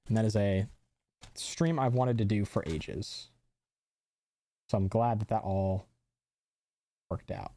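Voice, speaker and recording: A man's voice: lowish voice, dark tone. A young man streaming live, chatting casually and rambling with many fillers and restarts.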